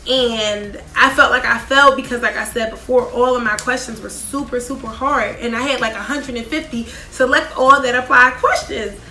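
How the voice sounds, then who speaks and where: A young woman in her twenties telling a casual storytime, chatty and animated, full of "like" and quick asides. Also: fairly high pitch, roomy sound, faint music behind. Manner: chatty, animated, heavy use of "like". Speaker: vlogger.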